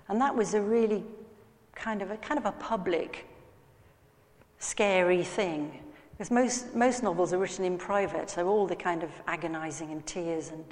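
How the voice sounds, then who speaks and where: A woman's voice: on the low side, normal speed, a little mellow. Chatty woman in an echoey hall. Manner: self-deprecating, chatty storytelling. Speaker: novelist giving a talk. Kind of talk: anecdotal talk to an audience.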